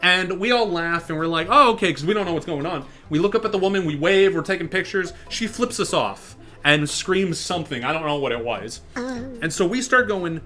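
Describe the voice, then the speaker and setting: In an online virtual social space, a young storyteller and channel host casually tells a funny personal story with faint music behind him. His voice is high and moderately paced, and he animatedly acts out the people in it using a louder, raised voice.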